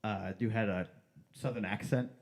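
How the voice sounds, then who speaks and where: A man co-hosting a livestream, bantering casually in a relaxed, sheepish way. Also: lowish voice, normal speed. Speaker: stream co-host.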